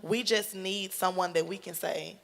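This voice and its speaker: Woman, gravelly, earnest, emphatic, casual panel talk. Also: on the low side, fairly even intonation, moderate pace, a bit bright, long reverb tail. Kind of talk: casual chat turning to exhortation.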